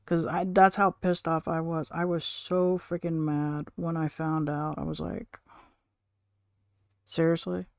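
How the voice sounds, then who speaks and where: A woman streaming from home, chatting casually and rambling to her viewers, now and then cooing softly to her cat. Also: low voice, little pitch movement, a little slow, dry recording, studio quality.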